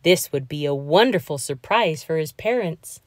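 A woman reading a children's picture book aloud, in a slow, expressive storytelling voice. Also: low voice, no room sound, studio quality.

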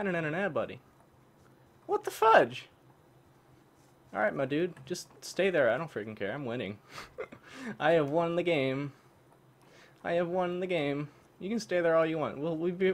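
A man casually commenting on his own online shooter match, excitable and trash-talking, dropping to mutters and jumping to yells. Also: a little high. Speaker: gaming YouTuber.

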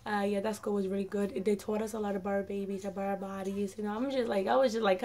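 A woman's voice: mid-range voice, fairly even intonation, fast, darkish tone. A nineteen-year-old woman telling her own story in a casual vlog, rambling with lots of "like" and "um" and acting out what people said. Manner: rambling, full of "like" and "um"; acts out quoted dialogue in her telling. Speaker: vlogger.

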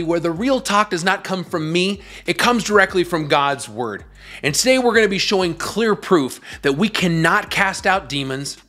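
A man's voice: a little high, sharp tone. Emphatic, scornful male show host. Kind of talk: preaching commentary.

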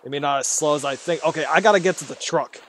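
A man's voice: on the high side, quick pace, a bit bright, a little hiss or hum. Jittery man playing a horror game. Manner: rambling, jittery, talks to himself. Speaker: gaming YouTuber. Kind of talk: horror game let's play commentary.

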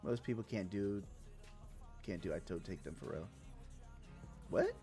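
A man live-streaming a game, talking casually with his chat in a loud, profane, playful way. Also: deep voice, a little slow, soft background music. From Puerto Rico.

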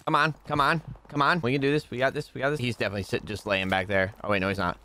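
A young man commentating his own gameplay to viewers, chatting casually and bursting into loud yells when things go wrong. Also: mid-range voice, steady tone, very fast, background noise. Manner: talks to viewers, bursts into yelling rage at deaths. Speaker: gaming streamer. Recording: faint gunfire behind.

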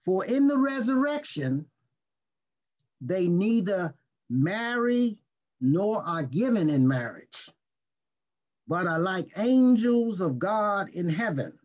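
Man, pastor, sermon teaching, high voice, unhurried, deliberate stresses, dull lo-fi sound. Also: sing-song, a little mellow. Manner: slow, deliberate scripture reading with stressed words. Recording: dull lo-fi recording.

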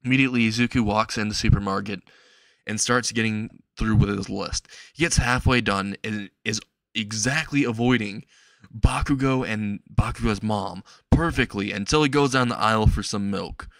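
A man's voice: on the low side, normal speed, fairly bright tone, no room sound. A man narrating a fan-made story in a casual, rambling way, chuckling at his own jokes.

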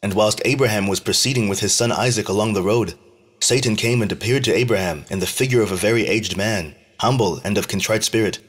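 Low husky man reading scripture. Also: brisk. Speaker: scripture reader. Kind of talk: scripted reading of an ancient text.

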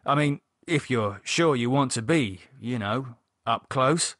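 This time the sweary, sardonic vampire-reviver from the horror storybook comes across with lively intonation and a fairly bright tone, still delivered fast and bluntly by a male reader. Pitch is ordinary mid-range, and the recording is close and dry with no room sound.

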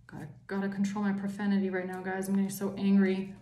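A woman's voice: mid-range voice, flat delivery, brisk, few pauses, a little mellow, roomy sound. A woman doing a tarot reading for her viewers, angry and emphatic, swearing often. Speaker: tarot reader.

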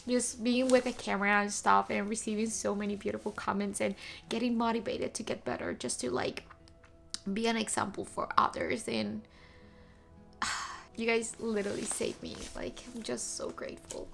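A young woman in her twenties chats straight to camera in a casual vlog. She gushes and gets emotional as she talks. Her mid-pitched voice carries a gravelly edge of vocal fry. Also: flat delivery, moderate pace, fairly bright tone, soft background music. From moved to the US as a teen. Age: 20s. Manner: gushing, emotional, chatty. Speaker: vlogger.

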